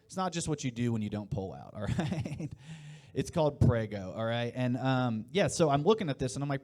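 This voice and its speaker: A man's voice: medium pitch, lively intonation, moderate pace, a little mellow. A man in his late thirties from Indiana doing a loose, rambling stand-up set with crowd work and laughs between lines. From Indiana, USA. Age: 30s. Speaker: stand-up comedian. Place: live comedy show before an audience.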